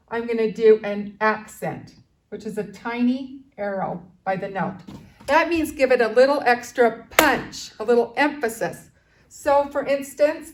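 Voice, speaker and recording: A woman teaching an elementary music lesson to young children, patiently explaining notes and counting rhythms aloud as they clap along. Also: a little high.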